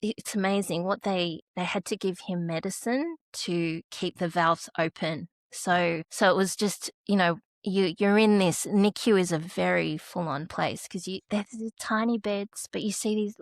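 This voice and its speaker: A woman's voice: on the low side, normal speed, hardly any pauses, dry recording. An Australian woman, a podcast guest, telling an emotional personal story. She is close to tears and often restarts her sentences.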